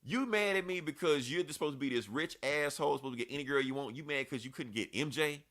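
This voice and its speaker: A man's voice: fairly high pitch, fast, a bit bright, voice pushed up, close to an everyday voice. A man quoting an angry young man snapping back. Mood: defensive. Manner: defensive, profane.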